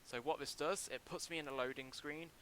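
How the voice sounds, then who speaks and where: Bright-voiced young man streaming, halting. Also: on the high side, steady tone, a little hiss or hum, low-quality recording. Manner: halting, many ums and restarts, chatty. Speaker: livestreamer building a game mod. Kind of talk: casual livestream commentary.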